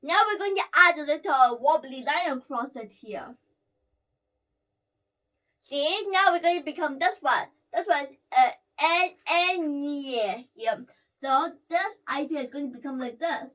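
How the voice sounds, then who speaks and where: High-voiced woman teaching pronunciation, mic distant. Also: animated, a bit bright. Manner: ends phrases with a habitual "here", repeats sounds slowly. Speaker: language teacher. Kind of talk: explaining while drawing letters.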